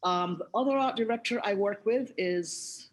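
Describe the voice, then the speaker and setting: On a webinar video call, a Jamaican woman in her sixties who works as an art director tells anecdotes in a chatty way, often starting her sentences over. Her voice is medium-pitched and moderately paced, and the recording quality is low.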